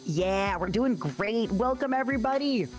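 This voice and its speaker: A woman streamer in casual chat, relaxed and talking her thoughts through aloud. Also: a little high, moderate pace, soft background music.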